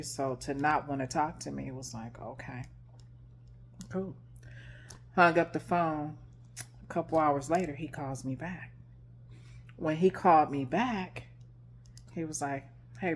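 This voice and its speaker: A woman with a low, grounded voice shares a personal story with her followers, candid and unpolished. She talks casually into a self-filmed phone camera, full of small fillers and restarts. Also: slight background noise. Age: adult with grown children. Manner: frank, conversational, many fillers. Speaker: life and relationship coach.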